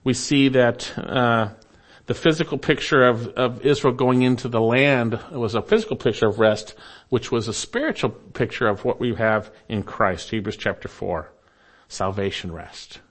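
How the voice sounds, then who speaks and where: A man preaching a sermon as pastor, earnest and deliberate, slowing down and dropping softer at the ends of phrases for emphasis. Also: mid-range voice.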